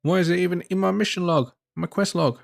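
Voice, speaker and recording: A man's voice: high-pitched, brisk, vocal fry. Swearing, joking man playing a game. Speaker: gamer playing a video game. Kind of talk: casual let's-play commentary.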